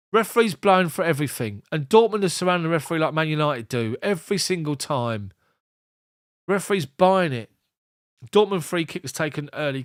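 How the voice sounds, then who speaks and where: A man's voice: fairly high pitch, no echo, clean studio sound. Man calling live match play-by-play. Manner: clipped play-by-play calls with chatty asides. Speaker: fan commentator and streamer. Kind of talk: live ball-by-ball match commentary.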